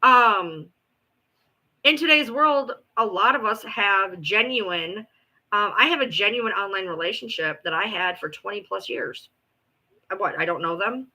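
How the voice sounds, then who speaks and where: A woman chatting casually to her online viewers, blunt and swearing freely, with sudden swings into loud exasperation. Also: mid-range voice, measured pace, low-quality recording. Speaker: online commentator. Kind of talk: casual livestream chat.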